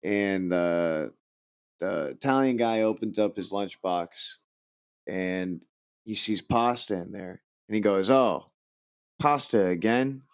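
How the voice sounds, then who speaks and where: A low-pitched man hosts a casual podcast, rambling through a joke with many fillers and restarts. He raises his voice for the characters he quotes. The sound is dry and close, with no room in it. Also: takes it slowly, clear, resonant tone, no room sound. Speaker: podcast host. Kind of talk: casual chat.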